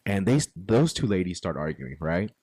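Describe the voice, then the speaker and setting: A man casually telling a profane road-trip anecdote as podcast host, animated and full of quoted exchanges. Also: deep voice, moderate pace, slightly rough, no room sound. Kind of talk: casual storytelling.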